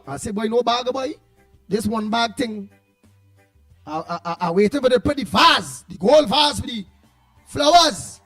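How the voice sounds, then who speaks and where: A Trinidadian man with a strikingly high voice hosts a casual morning radio chat. He rambles and calls out listeners' names one after another. Soft music plays faintly behind him. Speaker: radio host.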